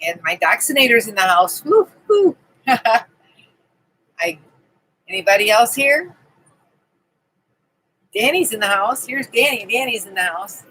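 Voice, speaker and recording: A woman's voice: medium pitch, lively intonation, a little slow, pauses often, bright, forceful tone, breathy edge, poor audio. A woman hosting a casual live stream from her camping trailer, chatting and greeting viewers by name. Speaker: livestream host.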